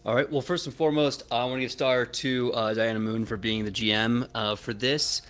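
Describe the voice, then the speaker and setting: A man's voice: medium pitch, steady tone, a little fast, fairly bright tone, soft background music. Enthusiastic man thanking his table. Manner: enthusiastic, frequent "uh" fillers. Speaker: player. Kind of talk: post-game wrap-up chat.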